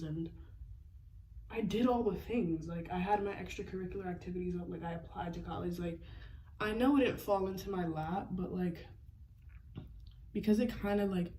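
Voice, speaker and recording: A woman's voice: lowish voice, warm tone, slight background noise. A young adult woman chatting casually through a makeup tutorial, rambling in slangy talk full of "like". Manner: slangy, rambling, fills with "like" constantly. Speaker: beauty vlogger.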